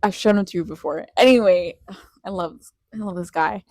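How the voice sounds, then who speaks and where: A woman co-hosting a casual fan podcast, animated and giggly, laughing often as she chats. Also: on the low side, moderate pace, no echo, studio quality. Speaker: podcast co-host.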